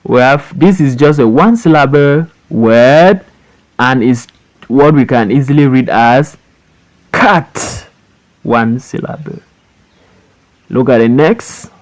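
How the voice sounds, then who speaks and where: This is a voice-over for an online lesson in which a man slowly teaches classroom phonics, drawing words out syllable by syllable and repeating them for learners. His pitch is medium, his pace slow, and he pauses often. The recording is low quality.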